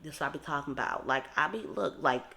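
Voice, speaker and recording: A woman's voice: low voice, fast talker, bright, forceful tone. A woman giving casual, rambling commentary on a reality TV episode, with asides to her viewers. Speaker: TV recap commentator.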